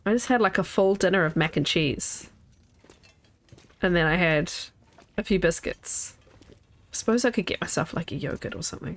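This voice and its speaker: A woman's voice: fairly low pitch, normal speed. Chatty woman streamer rambling while playing. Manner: rambling and chatty, trailing off and restarting. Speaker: game streamer. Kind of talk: casual gameplay commentary chatting with viewers.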